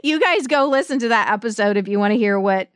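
A middle-aged woman hosting a coaching podcast, speaking straight to her listeners with punchy, motivational emphasis. Her voice sits a little high and sounds smooth and clear. The recording is dry and close. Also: animated, fast talker, a bit bright, dry recording. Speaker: podcast host and business coach. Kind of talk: solo podcast monologue.

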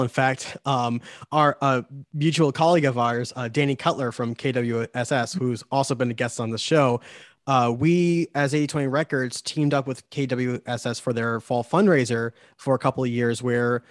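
A man's voice: medium pitch, normal speed, dry recording, clean studio sound. A man with a New York accent hosting a podcast interview, chatting casually and rambling with lots of fillers. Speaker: podcast host.

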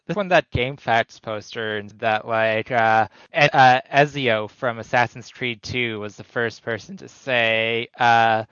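A man's voice: mid-range voice, unhurried, hardly any pauses, fairly bright tone, smooth, no room sound. A man on a gaming panel, matter-of-fact and dryly contrarian in casual chat. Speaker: podcast panelist. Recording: dull dry lo-fi mic.

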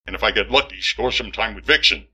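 A man playing a gruff, sarcastic slob fed up with his fussy roommate, firing off exasperated wisecracks in a comedy sketch. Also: fairly low pitch, quick pace, pushed and bright, exaggerated voice. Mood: dry.

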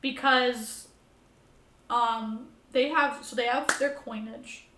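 A young American woman chatting as a podcast guest, animated and swearing freely as she acts out her own reactions. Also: on the high side, slow pace. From United States. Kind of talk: casual chat. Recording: roomy echo.

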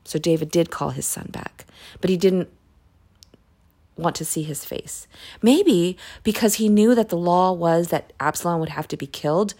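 A woman's voice: on the low side, moderate pace. Chatty woman retelling a Bible story. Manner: chatty, animated storytelling with asides. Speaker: podcast host reading the Bible. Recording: voice message recording.

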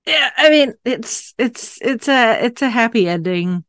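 A woman's voice: a little high, animated, unhurried, fairly bright tone, no echo, clean studio sound. A woman co-hosting a film podcast in casual chat, thoughtful and hedging with fillers. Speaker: podcast co-host.

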